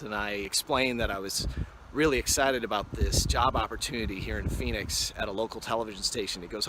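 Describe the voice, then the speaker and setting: A man in his fifties, a TV weather forecaster, giving a relaxed acceptance speech full of anecdotes, recorded on a phone on a selfie stick outdoors on a mountain. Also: lowish voice, brisk, noisy background. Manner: relaxed storyteller with frequent "uh". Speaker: award honoree, TV weather forecaster.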